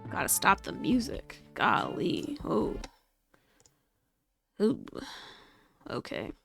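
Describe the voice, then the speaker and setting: A woman's voice: on the low side, huge pitch swings, takes it slowly, vocal fry, fairly bright tone, faint music behind. Chatty, rambling woman streaming a game. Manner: rambling, chatty, self-amused. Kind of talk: casual gaming stream chat.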